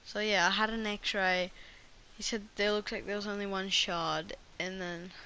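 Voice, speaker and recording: A woman's voice: medium pitch, steady tone, moderate pace, bright, forceful tone, clear, resonant tone. A woman vlogger telling a personal story in a casual, rambling way, full of restarts and fillers.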